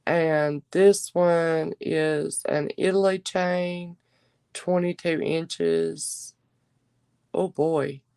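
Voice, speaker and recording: A woman's voice: low voice, steady tone, drawn-out words, creaky, smooth, no room sound. A woman hosting a live-stream jewelry auction, chatting with viewers and calling them darling. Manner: chatty, warm endearments to viewers.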